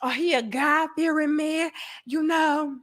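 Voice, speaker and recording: A woman's voice: high voice, steady tone, slow, fairly bright tone. A woman voicing an eager churchgoing woman who plans to win over a newly single pastor, giddy and scheming.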